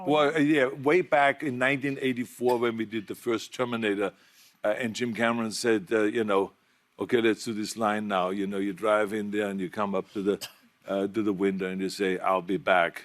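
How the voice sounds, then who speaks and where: A man's voice: lowish voice, little pitch movement, fairly quick. German-accented man telling studio anecdotes. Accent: German-accented English. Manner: chatty, laughs while telling anecdotes, repeats words. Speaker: talk show guest. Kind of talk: casual talk show storytelling.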